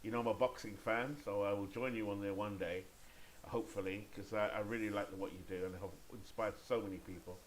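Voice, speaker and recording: A man's voice: fairly low pitch, fairly even intonation, fairly quick, slight background noise, low-quality recording. A man with a British accent doing enthusiastic play-by-play commentary on a simulated baseball game, chatting to viewers between plays.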